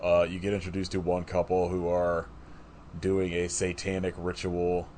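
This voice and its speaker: A man with a very low, deep voice talks through a film in loose, casual podcast chat. He rambles, with "like" every few words, and keeps restarting his sentences. A faint hiss sits under the recording. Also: monotone, normal speed, darkish tone. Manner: rambling, full of "like" fillers and restarts. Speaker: podcast co-host. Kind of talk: casual chat reviewing a movie.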